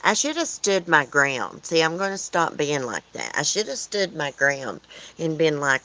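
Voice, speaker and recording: Southern US woman, low register, rambling casual livestream host who chats back to her viewers. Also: big pitch swings, moderate pace, sharp tone, poor audio. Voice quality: chatty, rambling, answers chat comments aloud. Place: outdoors at home, windy.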